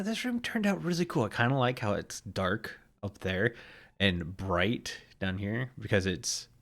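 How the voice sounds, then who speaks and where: A man with a low voice and a groggy early-morning sound to it. He narrates his building in a relaxed, rambling way, with easy laughs. Faint music sits behind him. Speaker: Minecraft let's play host. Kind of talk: casual gameplay commentary.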